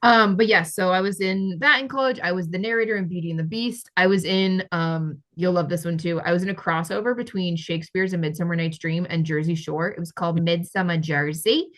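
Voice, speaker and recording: A woman's voice: on the low side, brisk, few pauses. A young woman co-hosting a podcast, casually telling stories in a bubbly, giggly way. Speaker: podcast co-host. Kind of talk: casual chat.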